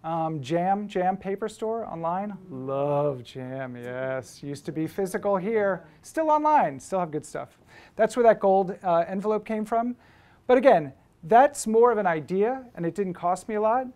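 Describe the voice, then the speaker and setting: Speaking unhurriedly in a high, expressive, somewhat mellow voice, this photographer and book publisher lectures students at a school. His talk is anecdotal and chatty, full of fillers and false starts as he tells his stories.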